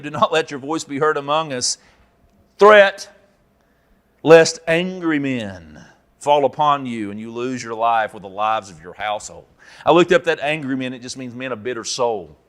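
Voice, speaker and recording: Animated preacher man. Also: fairly high pitch. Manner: animated storytelling, acting out characters with sudden loud shouts. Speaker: pastor. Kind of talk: sermon teaching.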